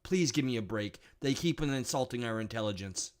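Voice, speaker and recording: Male live-stream host, indignant, blunt, mid-pitched, casual. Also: animated, brisk. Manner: blunt, indignant, thinks aloud with restarts.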